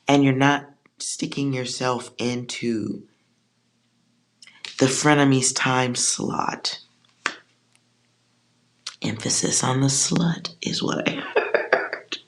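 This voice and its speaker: Slow, blunt tarot reader. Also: mid-range voice, a little hiss or hum. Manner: blunt and joking, with slangy asides; drops into whispered asides. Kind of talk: casual collective tarot reading.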